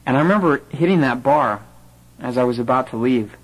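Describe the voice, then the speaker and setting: A man relates his personal conversion story to a live audience at a fairly quick pace, his voice medium in pitch and the recording rough. Conversational and using some fillers, he tells it animatedly, performing the quoted voices himself.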